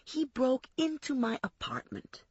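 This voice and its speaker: A woman's voice: high voice, huge pitch swings, unhurried, a little mellow, breathy edge, no echo, dull audio, pitched above the performer's own voice, full character voice. Woman voicing a foul-mouthed sleazy man. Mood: ranting. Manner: agitated, swearing, ranting.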